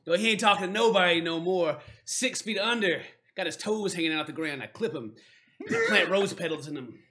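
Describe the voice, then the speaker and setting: A man's voice: sits high, a little fast, pitched above the performer's own voice. A man voicing a drunk, boastful male dwarf brawler who trash-talks in crude slang. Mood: swaggering. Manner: loud swaggering trash talk, crude slang.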